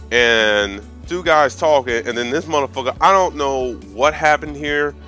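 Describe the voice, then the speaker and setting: A man's voice: medium pitch, pushed and bright. A man in his thirties giving a profane, sarcastic movie review as a casual rant, with stumbling restarts. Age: 30s.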